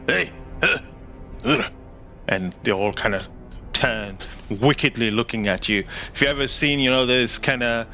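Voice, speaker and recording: A man's voice: mid-range voice, normal speed, sharp tone, soft background music. A man narrating a tabletop game as game master, describing scenes in a rambling way with plenty of fillers.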